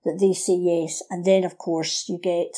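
A woman, explaining history in a casual podcast chat as a lively storyteller who acts out the voices she quotes. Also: fairly low pitch, a little slow.

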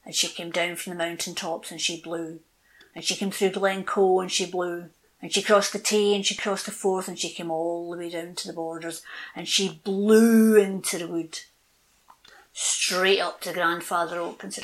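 A woman's voice: on the low side, moderate pace, rough recording. A woman telling a children's folk tale, doing voices for the characters. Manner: lively storytelling with character voices. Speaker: storyteller guest.

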